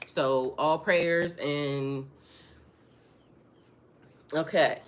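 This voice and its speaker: Excitable rambling woman live-streaming. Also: sits low, drawn-out words. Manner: rambling, excitable, profane, greets viewers by name. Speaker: spiritual reader and live-stream host. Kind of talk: casual live-stream chat.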